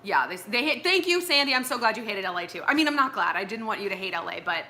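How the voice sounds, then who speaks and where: Blunt la woman giving advice on a home livestream, lively swooping voice, swears a lot. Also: mid-range voice, fast. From Los Angeles, US. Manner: blunt, animated, swears freely. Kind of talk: casual livestream advice talk. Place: at home with pillows and tea.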